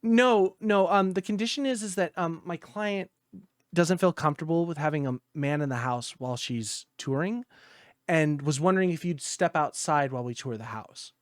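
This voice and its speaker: A woman's voice: sits low, moderate pace, no echo, studio quality, close to an everyday voice. A man putting on the voice of a politely awkward, middle-aged female realtor who hesitates and fills her talk with "um". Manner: hesitant, filler-heavy.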